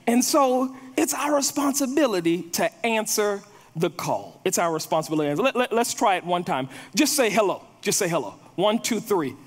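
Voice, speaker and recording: Male pastor, sermon, storytelling delivery with repeated words, high voice, echoey hall. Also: lively intonation, normal speed. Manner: storytelling, repeats words when building a point.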